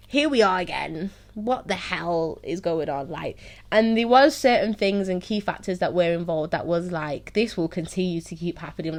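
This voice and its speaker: A young woman telling her own story candidly, often laughing through painful memories and saying "like" a lot. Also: lowish voice. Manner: heavy use of "like" and "so, yeah". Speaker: host of her own series.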